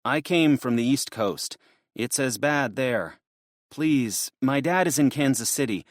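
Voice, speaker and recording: An urgent young man on a desperate road trip in an audiobook, earnest and pleading, as a male narrator performs him. The voice sits noticeably higher than the narration. The sound is dry and close. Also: animated, measured pace, no room sound, natural voice.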